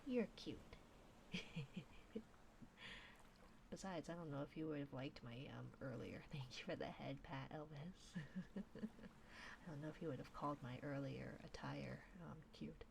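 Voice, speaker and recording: A woman streamer giving a whispered ASMR livestream chat, softly whispering and giggling. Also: low-pitched, gravelly, noisy background. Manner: soft whispering, slow and drawn out, often giggling. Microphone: binaural dummy-head microphone.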